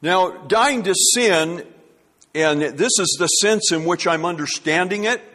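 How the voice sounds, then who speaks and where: A male pastor with a high, fairly bright voice preaches at a measured pace, earnest and emphatic. He often restarts phrases as he builds his point, and the hall has long reverb.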